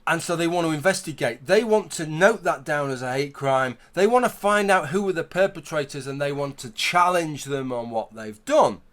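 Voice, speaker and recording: A man talks through an opinion commentary in a slightly raised pitch. His manner is conversational but argumentative, and he builds his case through hypothetical scenarios. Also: lively intonation, normal speed, hardly any pauses, fairly bright tone. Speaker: YouTube commentator.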